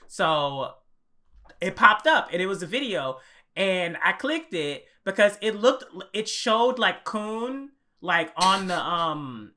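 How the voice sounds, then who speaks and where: A young man co-hosting an anime podcast, telling a story in an animated, profane way and acting out his own reactions. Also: high voice, slow pace. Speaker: podcast co-host. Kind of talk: casual podcast chat.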